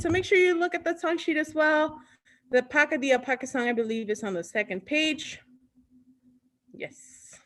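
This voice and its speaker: Bright, cheery woman leading kids' storytime. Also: sits high. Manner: cheerful, sings along, mixes in Spanish words. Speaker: library storytime host. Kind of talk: children's storytime with songs.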